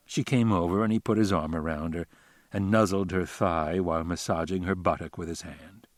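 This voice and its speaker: A man reading a novel aloud in calm, measured narration. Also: low-pitched, no echo, studio quality. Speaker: audiobook narrator. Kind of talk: scripted narration.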